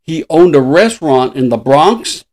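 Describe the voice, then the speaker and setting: High-voiced older man telling stories. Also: expressive, a little slow, a little mellow. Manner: chatty, laughing storyteller. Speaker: podcast host. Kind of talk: casual chat.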